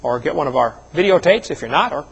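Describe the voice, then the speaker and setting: A man's voice: fairly high pitch, lively intonation, fast talker, vocal fry, slightly rough, rough recording. A middle-aged man preaching a seminar sermon, telling personal stories in a folksy way with joking asides. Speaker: evangelist speaker.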